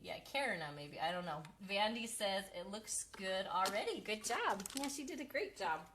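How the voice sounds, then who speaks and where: A woman's voice: mid-range voice, big pitch swings, normal speed, noisy background. A woman hosting a casual craft live stream, chatting and reading out viewer comments.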